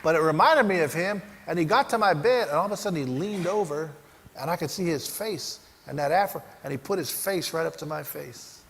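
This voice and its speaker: A man giving a motivational keynote, telling a personal story and swinging between loud bursts and hushed moments. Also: on the high side, lively intonation, fairly quick, noisy background. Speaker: keynote speaker. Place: large conference hall. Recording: echoey hall, faint ambience.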